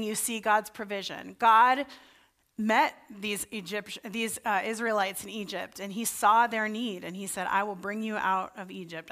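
A woman's voice: medium pitch, a bit bright. A woman pastor giving a sermon in a chatty, story-telling way, with self-deprecating asides.

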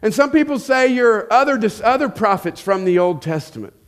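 A man voicing the disciples as an eager group, speaking a little higher and louder. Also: animated, fairly quick.

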